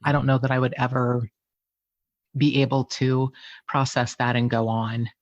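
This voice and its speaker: A woman's voice: extremely low pitch, flat delivery, normal speed, dry recording, highs cut off. A woman who hosts a true crime podcast, talking as a guest in a candid interview, frank and emotional, self-deprecating and swearing casually.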